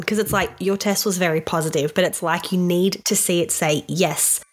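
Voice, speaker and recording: Woman, podcast host, casual interview, lowish voice, encouraging. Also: steady tone, fairly quick, few pauses.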